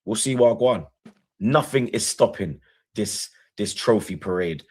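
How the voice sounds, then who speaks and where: A man's voice: lowish voice, expressive, measured pace, a little mellow, breathy edge. A man, co-hosting a reaction show, boasting defiantly about his football club. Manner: boastful, defiant trash talk. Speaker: reaction channel co-host. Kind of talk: casual football banter.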